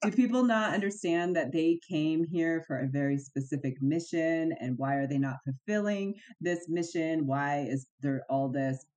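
Low-pitched woman co-host, casual chat, exasperated questioning. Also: moderate pace, few pauses, warm tone. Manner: exasperated, rhetorical questions, sighs. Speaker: podcast co-host.

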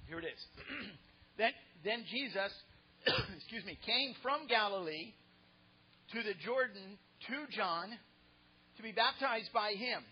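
A man preaches with emphasis, stumbling into restarts and tossing out rhetorical questions. His voice sits high and sounds husky. The recording is dull and lo-fi. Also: animated, slow pace, pauses often. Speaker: pastor. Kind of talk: sermon.

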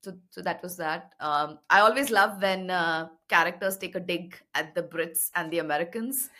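A woman's voice: lowish voice, normal speed, sharp tone. A woman co-hosting a podcast, chatting thoughtfully about a film and laughing at her own lines. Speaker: podcast co-host. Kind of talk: casual film discussion.

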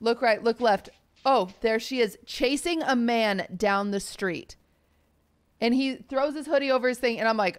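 A woman's voice: moderate pace, clear, resonant tone. A young woman co-hosting a podcast, telling stories in casual chat and acting out the people in them. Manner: animated storyteller, acts out quotes in high voices. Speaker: podcast co-host.

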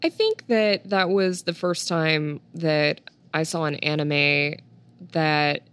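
A woman co-hosting a casual chat, animated and quick to laugh. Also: low-pitched, clear, resonant tone.

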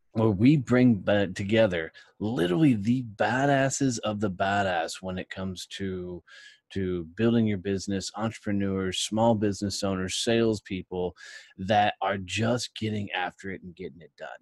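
A man hosting a business podcast, giving a brash, hype-driven pitch and swearing casually. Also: a little mellow, no echo. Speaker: podcast host. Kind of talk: energetic promotional pitch and interview.

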